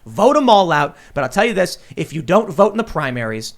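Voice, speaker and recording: Male co-host, slightly high voice, animated ranting storyteller, studio podcast. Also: a little fast. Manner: animated, ranting storyteller who acts out exchanges. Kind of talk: heated political panel talk.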